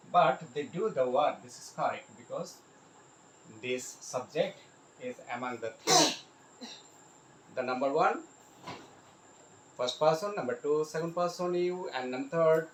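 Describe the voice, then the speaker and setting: A man teaching English grammar, repeating each example sentence slowly and addressing his viewers directly. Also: mid-range voice, reverberant, slight background noise, low-quality recording. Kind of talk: grammar lesson.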